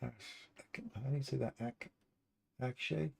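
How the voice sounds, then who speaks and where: A man's voice: medium pitch, level tone, a little fast, vocal fry, warm tone, slightly rough. A man casually commenting on a live trading stream, reading out and answering viewers' chat messages by name. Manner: upbeat and chatty, laughs easily.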